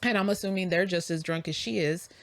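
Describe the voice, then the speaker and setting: Low-voiced woman telling a story. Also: brisk, no echo. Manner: animated, acts out quoted dialogue. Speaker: podcast co-host. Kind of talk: storytelling in casual chat.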